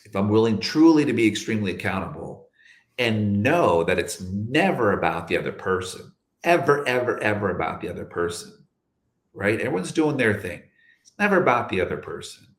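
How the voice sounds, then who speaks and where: A man's voice: fairly low pitch, big pitch swings, brisk, roomy sound. A man talking in an interview as a guest, emphatic, repeating phrases and asking rhetorical questions. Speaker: guest, security chief and health advocate. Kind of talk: reflective interview talk.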